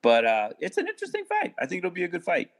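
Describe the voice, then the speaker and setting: A man talking casually as a podcast guest, halting with many restarts and fillers. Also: high voice, huge pitch swings. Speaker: guest attorney.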